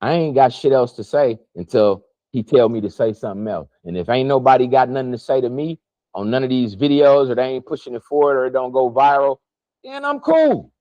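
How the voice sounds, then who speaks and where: Man in middle pitch, passionate and cursing, preaching spiritual warnings in a dry room. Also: expressive, fairly quick, mellow, no echo, muffled recording. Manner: preachy, profane and emotional, pitch swinging widely. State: fasting. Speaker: spiritual vlogger. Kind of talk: impassioned spiritual monologue.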